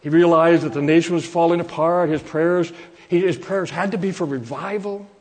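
A man preaching a sermon from Canada, earnest and repeating phrases for emphasis, slowing down to quote scripture. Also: fairly high pitch, fairly even intonation, darkish tone.

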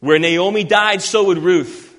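A man preaching an expository sermon, earnest and emphatic, reading scripture slowly. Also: sits high, a bit bright. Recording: long hall reverb.

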